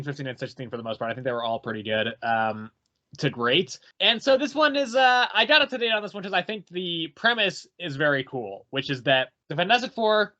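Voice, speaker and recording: A man's voice: fairly high pitch, sharp tone, lo-fi sound. A man co-hosting a comics podcast, talking casually and hesitantly with many fillers. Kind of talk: casual chat.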